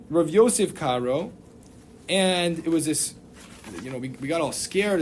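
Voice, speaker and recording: A man teaching a class in a loose, conversational lecture, his voice sitting a little higher than most men's. He wanders off on tangents and restarts his sentences often, with plenty of fillers. Faint noise hums behind him. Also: animated, moderate pace, a little mellow. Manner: digressive, many fillers and restarts. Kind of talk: informal lecture.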